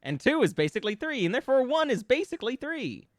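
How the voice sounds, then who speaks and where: A man's voice: extremely high pitch, big pitch swings, fast, no room sound, studio quality. A man streaming live, chatting casually with viewers and thinking aloud as he riffs on word ideas in a playful way. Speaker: VTuber streamer.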